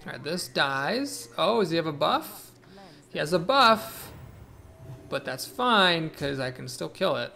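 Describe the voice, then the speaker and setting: A man's voice: fairly high pitch, sing-song, a little slow, gravelly, bright, forceful tone, slight background noise. A young man commentating his own card game, thinking aloud, weighing plays and correcting himself as he goes. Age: young adult. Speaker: streamer playing a card game. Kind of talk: live gameplay commentary.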